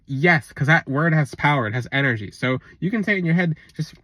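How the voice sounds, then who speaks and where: A man's voice: a little high, expressive, fast talker, hardly any pauses, bright, forceful tone, dry recording. A man talking in a casual spiritual vlog, blunt and rambling, on a close mic. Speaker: spiritual content creator.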